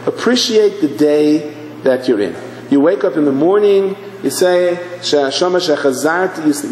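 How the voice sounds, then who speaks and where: A man's voice: on the high side, slight background noise. A man in his fifties, a religious teacher giving a sermon, telling stories and acting out the people in them. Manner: animated storytelling, acting out quotes. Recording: echoey hall, faint ambience.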